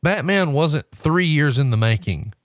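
A man co-hosting a podcast in casual chat, blunt and profane, with animated banter. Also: a little high, unhurried, no echo, studio quality. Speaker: podcast co-host.

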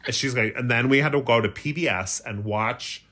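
A man's voice: mid-range voice, moderate pace, bright, forceful tone. A middle-aged man co-hosting a podcast, telling a rambling, self-mocking story in casual chat. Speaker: podcast co-host.

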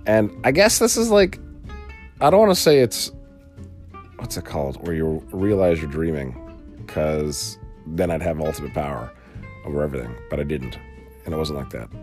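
A man hosting a casual solo podcast, telling a long story in a rambling, animated way with many fillers, from a small home studio. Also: rumbling low, normal speed, long pauses, faint music behind. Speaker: podcast host.

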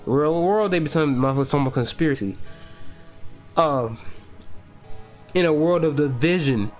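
A young adult man hosting a podcast, giving a loose, profane, slangy and excitable film breakdown in a casual monologue. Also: a little high, a little fast, faint music behind. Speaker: podcast host.

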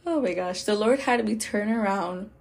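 A woman's voice: mid-range voice, normal speed, creaky. A woman hosting a podcast, telling a personal faith story in a casual, chatty way, with laughs, fillers and restarts. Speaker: podcast host.

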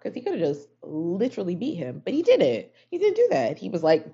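A low-voiced woman rambles through a casual book review, leaning on "like" as she goes. Her voice is dark and husky. The recording is slightly muffled and lo-fi. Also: wildly swooping pitch, normal speed. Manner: rambling, heavy use of "like" fillers.

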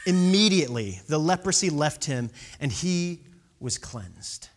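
A preacher giving a casual, conversational sermon with a lively, swooping pitch. They keep asking the congregation rhetorical questions and now and then sink into a hushed whisper to stress a point. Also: a little slow. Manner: animated, rhetorical questions, drops to whispers for emphasis.

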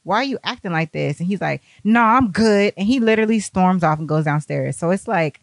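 Animated woman telling a wild story. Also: lowish voice, brisk, vocal fry, no room sound. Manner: animated, profane, acts out other people's lines. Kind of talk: casual storytelling.

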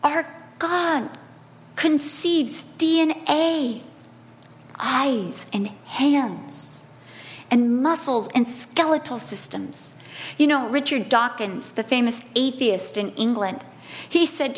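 A high-voiced woman preaches a sermon, expressively swinging between emphatic declarations and hushed, drawn-out phrases. She also slips in light, humorous asides to the congregation.

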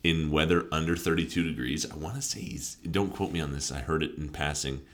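A man's voice: a bass voice, fairly even intonation. A man co-hosting casual sports chat, joking as he makes his picks. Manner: joking, quick, playful. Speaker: co-host of a sports podcast.

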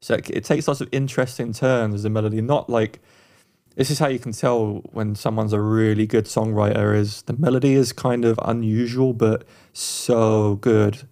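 A man's voice: fairly low pitch, level tone, moderate pace, warm tone. A man co-hosting a music podcast, talking enthusiastically in casual, rambling chat with frequent restarts. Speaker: podcast co-host reviewing songs.

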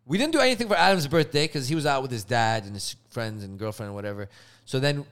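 A young man co-hosting a casual podcast chat, telling family stories with lively energy and acting out everyone's voices. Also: medium pitch, fast talker. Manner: animated storyteller, acts out family members' voices. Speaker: podcast co-host.

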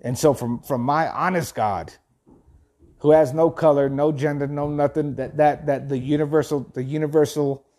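A man speaks in a warm, relaxed, mellow tone. He reads a passage aloud and then moves into earnest motivational talk. He circles back and repeats his phrases as he goes. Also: a little high, moderate pace. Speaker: host of a thirty-day motivational journey.

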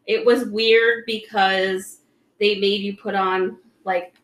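Bright-voiced chatty woman host. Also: mid-range voice, flat delivery, takes it slowly, reverberant, rough recording. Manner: chatty, laughs often, many fillers. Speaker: podcast host. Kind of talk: casual chat.

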